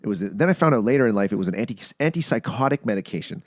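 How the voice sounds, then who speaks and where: A Canadian podcast host tells long, profane stories in casual chat, acting out the other people's lines himself. His voice is on the low side, animated and racing. The sound is clean studio audio with no echo.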